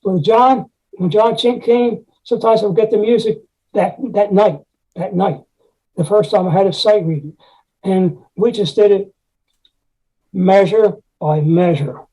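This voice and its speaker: Older man with a husky, mellow voice. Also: high voice, measured pace, rough recording. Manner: rambling anecdotes with frequent "you know" and scat-sung articulations. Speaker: retired music teacher. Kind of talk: conversational storytelling interview.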